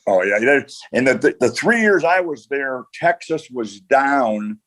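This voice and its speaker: An older man, a retired football coach, telling long anecdotes as a podcast guest, with frequent pauses and restarts. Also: medium pitch, expressive, fairly bright tone. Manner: rambling anecdotes, many "uh" and restarts. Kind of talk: storytelling in a podcast interview.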